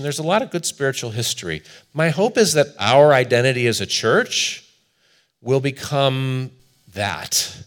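A man preaching a sermon as pastor, telling a story in an earnest manner with quoted voices. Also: mid-range voice.

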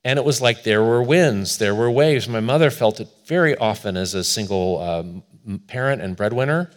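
A male pastor delivering a sermon in a lowish voice. He speaks earnestly, weaving personal story into preaching. His delivery swells and then drops to quiet, hushed stretches. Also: lively intonation, moderate pace.

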